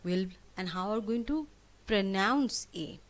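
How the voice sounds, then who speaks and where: A woman's voice: medium pitch, animated, unhurried. A woman teacher giving a lesson, asking questions and answering them herself, spelling words out and repeating key words. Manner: asks questions and answers them herself, emphatic rising prompts. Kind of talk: classroom lesson for children.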